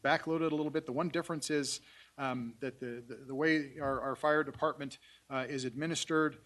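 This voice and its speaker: A man from city staff briefing a council at a public meeting, halting, with many fillers and restarts. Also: medium pitch, fairly even intonation, fairly bright tone. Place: council chamber.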